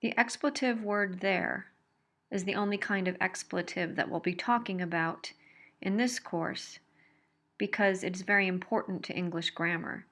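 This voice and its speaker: Her voice is medium-pitched, a little bright, and moves at a normal pace. She's a college English instructor teaching a recorded grammar lesson, carefully explaining and emphasizing example sentences.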